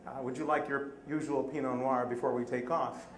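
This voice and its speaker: A man's voice: medium pitch, fairly even intonation, a little fast, a little hiss or hum, close to an everyday voice. A man quoting a courteous airline attendant who greets a familiar passenger, in an echoey live room.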